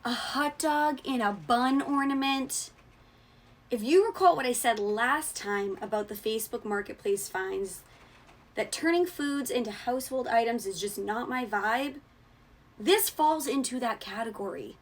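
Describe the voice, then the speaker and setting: A woman hosting her own show in sassy, mock-outraged comedic commentary, swearing freely, her voice cracking when it rises. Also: unhurried. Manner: voice cracks when going high. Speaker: show host.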